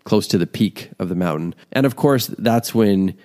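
A man hosting a podcast, talking in a put-on extra-low, quiet voice in a rambling, encouraging way. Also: normal speed. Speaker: podcast host. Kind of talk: casual talk.

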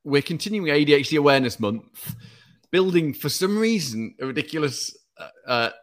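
A man's voice: fairly high pitch, expressive, brisk. A man co-hosting a podcast in casual chat, dry and self-deprecating, often breaking into giggles. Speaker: podcast co-host, doctor. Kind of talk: casual podcast chat, reading listener letters.

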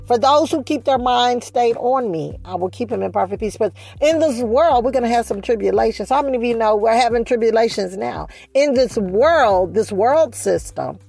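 A woman preaching a sermon, speeding up and slowing down, stressing and repeating her phrases. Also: medium pitch, gravelly, darkish tone, breathy edge. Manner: preaching with shifting pace, rising emphasis and repeated phrases.

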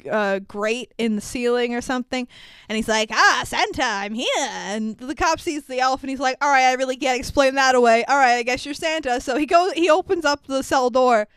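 A woman's voice: sits high, clean tone, dry recording. A woman co-hosting a podcast, casually recapping a movie with lots of laughter and acted-out quotes. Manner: animated, laughing storyteller acting out quotes. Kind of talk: casual chat.

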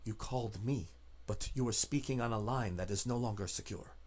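Guy playing a hushed informant in an rpg, low and urgent. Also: fairly quick, lightly acted. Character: hushed wary German male spy contact.

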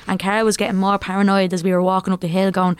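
A young woman with an Irish accent, telling an animated story in casual podcast chat, full of fillers. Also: medium pitch, fast talker, clean tone, dry recording, studio quality. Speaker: guest comedian.

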